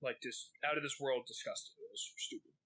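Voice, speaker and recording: A man's voice: mid-range voice, wildly swooping pitch, fairly quick, pushed and bright, poor audio. A man co-hosting a podcast, telling a rambling, profane story full of fillers. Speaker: podcast co-host. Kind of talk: casual storytelling.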